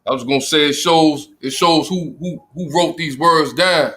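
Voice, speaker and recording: A man's voice: on the high side, moderate pace, pushed and bright, slight background noise. A man reading scripture aloud in a class and chiming in with agreement.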